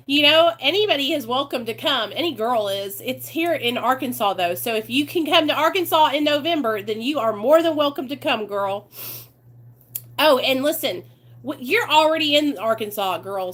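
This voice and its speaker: A woman's voice: high-pitched, animated, moderate pace, a bit bright. A woman hosting a recovery channel, talking casually and encouragingly to her viewers with lots of fillers. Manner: chatty and encouraging, many fillers, calls viewers "you guys" and "y'all".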